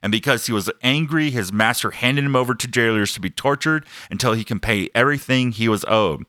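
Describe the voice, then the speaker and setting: In a dry, studio-quality recording, a man with a medium-pitched, pushed and bright voice preaches fairly quickly. Emphatic and earnest, he stacks phrases into lists of rising intensity and shares his own personal testimony.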